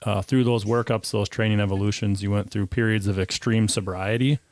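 A man hosting a podcast, asking relaxed follow-up questions in casual conversation. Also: fairly low pitch, fairly quick, no room sound. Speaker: podcast host. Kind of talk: casual interview chat.

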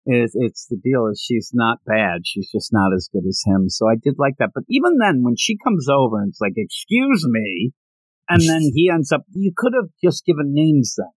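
A man co-hosting a podcast, chatting casually about a manga and acting out scenes with lively pitch jumps. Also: dry recording. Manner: animated, quick shifts of pitch when acting out scenes. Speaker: podcast co-host. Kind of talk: casual manga review chat.

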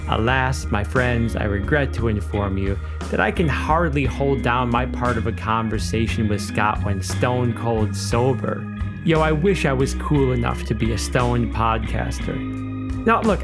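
Midwestern male podcast host, gravelly, jokey and self-deprecating, soft music bed. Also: mid-range voice, expressive, unhurried. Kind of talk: casual podcast monologue.

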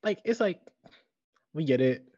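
Brief: sassy co-host, husky voice, very animated delivery, dull lo-fi mic. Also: mid-range voice, a little slow, dry recording. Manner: laughs often, sassy and blunt. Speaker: podcast co-host. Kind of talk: casual recap chat.

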